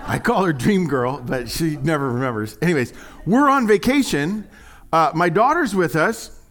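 A middle-aged man preaching as a pastor, conversational and joking with the congregation, acting out quoted lines in a higher, excited voice. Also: normal speed. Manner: animated storytelling, acts out quotes in a higher voice. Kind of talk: sermon.

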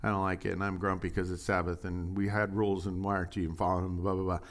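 A man preaching puts on a cheeky, sarcastic God who teases the rule-keepers in a slightly low, everyday voice. The delivery stays casual rather than theatrical, and it drops to a quiet, firm tone. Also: flat delivery, very fast. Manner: mocking paraphrase that turns soft and hushed. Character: God speaking to scolders, wry and sarcastic. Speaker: pastor.

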